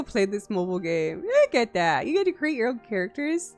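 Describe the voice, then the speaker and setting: A woman's voice: on the high side, very animated, brisk, a little mellow, soft background music. A woman streamer chatting casually and playfully with her chat, giggly and gushing, from a home streaming setup on a desk mic.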